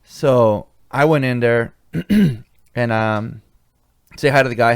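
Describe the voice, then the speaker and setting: A man's voice: medium pitch, slow pace, clean tone, dry recording, clean studio sound. A man hosting a podcast, telling a cocky work story in a casual, profane way. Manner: profane, swaggering anecdote-telling. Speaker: podcast host.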